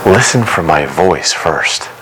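A middle-aged man preaching a sermon as pastor, earnest and emphatic, his pace shifting from quick runs to slow, stressed words. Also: a bass voice, animated, background noise.

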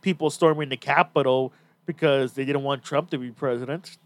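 A man's voice: medium pitch, steady tone, normal speed. A man hosting a podcast in casual chat, talking bluntly and swearing freely. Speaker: podcast host.

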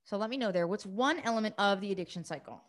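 A woman recovery coach hosting a live coaching session, talking quickly and eagerly, greeting viewers by name. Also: medium pitch. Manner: fast, excited, energetic delivery.

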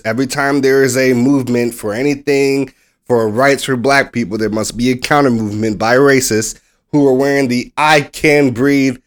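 Animated American man telling a sports story. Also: mid-range voice. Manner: animated storyteller, acts out quoted people; swears casually. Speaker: podcast co-host. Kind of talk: casual sports chat.

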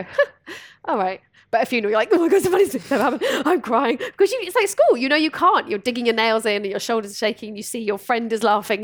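A woman guest telling candid stories in conversation, animated, laughing and swearing freely. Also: fairly high pitch, no room sound, clean studio sound. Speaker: podcast guest.

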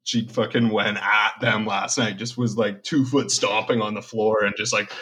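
Young podcast co-host, bright husky voice, swears a lot, rambles. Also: male voice, on the low side, steady tone, normal speed. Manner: profane, rambling storytelling. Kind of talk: casual chat.

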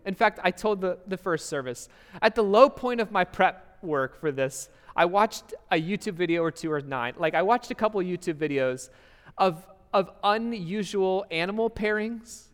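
Young man, pastor, sermon, earnest conversational preaching, slightly high voice, church reverb. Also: animated, moderate pace, clean tone. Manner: earnest, conversational preaching with restarts and rhetorical questions. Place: church sanctuary. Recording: hall reverb.

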